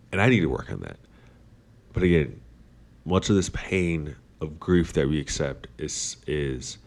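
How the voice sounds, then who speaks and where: A man hosting a casual philosophical monologue, rambling with many fillers and restarts. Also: very deep voice. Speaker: podcast host.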